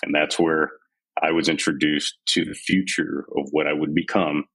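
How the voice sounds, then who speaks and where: A very deep-voiced man in his forties, from Texas, talking with a husky grain as a podcast guest. He retells his army years candidly and with animation, slipping into the voices of people he quotes. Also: little pitch movement, normal speed, fairly bright tone, poor audio. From San Antonio, Texas. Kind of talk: candid storytelling interview.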